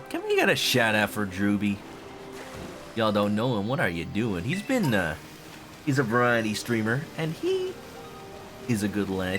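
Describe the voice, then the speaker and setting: A playful man streaming a video game, chatting to viewers and scatting little tunes to himself. His voice sits at a middle pitch but swings in a very lively way. Game music plays clearly behind him. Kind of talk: casual game commentary.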